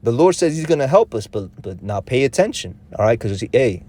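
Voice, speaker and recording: A man's voice: mid-range voice, very animated, a little fast, warm tone. A man teaching scripture in an informal street-preacher way, full of slang and profanity, with frequent restarts and rhetorical questions. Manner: rhetorical questions, checks in with "all right?" and "man".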